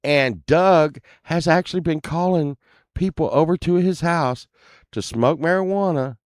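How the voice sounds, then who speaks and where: A man's voice: fairly high pitch, unhurried, no echo, studio quality. A man telling a story casually, rambling and cursing often, laughing at himself as he goes.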